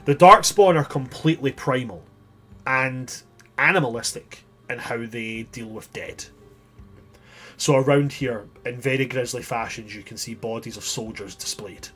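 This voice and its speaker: A man's voice: medium pitch, a little slow, fairly bright tone, slightly rough, soft background music. Man narrating a grim tabletop game. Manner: vivid, grisly description with restarts. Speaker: game master.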